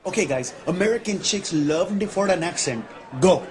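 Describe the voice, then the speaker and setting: A man playing a brash comedian in a beer commercial who mocks regional accents in a loud, hammy way. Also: sits high, expressive, normal speed, slight background noise. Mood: cocky. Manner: loud, mocking, switches between put-on accents. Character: brash adult male comic hamming up beer-bar accents. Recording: commercial audio with music under it.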